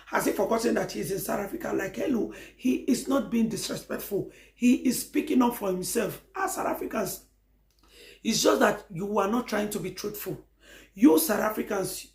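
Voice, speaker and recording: A man's voice: high voice, gravelly. A man with a Nigerian accent giving an emphatic opinion commentary, driving his points home with rhetorical questions and repetition. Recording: echoey room.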